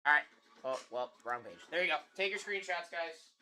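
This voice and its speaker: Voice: mid-range voice, animated, a little fast, pushed and bright, slight background noise. A card break host chatting casually with live stream viewers and talking to them directly.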